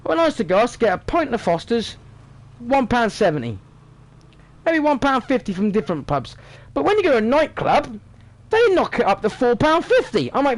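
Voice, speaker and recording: British man, 30s, vlogger; high, bouncy pitch, sweary sarcastic rant. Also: a little fast. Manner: sweary, sarcastic, animated ranting. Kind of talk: casual ranting monologue.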